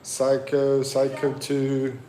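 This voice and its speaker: Slow, rambling male livestream host. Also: mid-range voice, monotone, warm tone, a little hiss or hum. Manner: rambling, chatty, thinks aloud. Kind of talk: casual live chat reading viewer comments.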